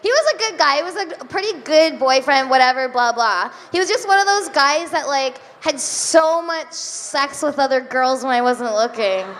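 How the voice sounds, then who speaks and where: High-voiced giggly woman doing stand-up. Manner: giggly, self-deprecating, drawn-out deadpan asides. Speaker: stand-up comedian. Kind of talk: stand-up comedy set. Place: comedy club stage before a live audience. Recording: live club recording with reverb, faint room noise.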